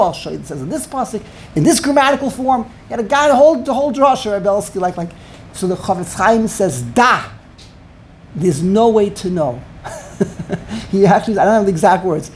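A woman's voice: mid-range voice, animated, moderate pace, a little hiss or hum. A woman teaching a Torah class, emphatic and digressive, peppering her speech with Yiddish and Hebrew terms. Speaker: Talmud teacher.

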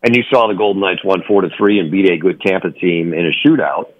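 A man's voice: low voice, quick pace, lo-fi sound. A man, a hockey broadcaster, chatting by phone on a sports radio show, rambling with many fillers and restarts.

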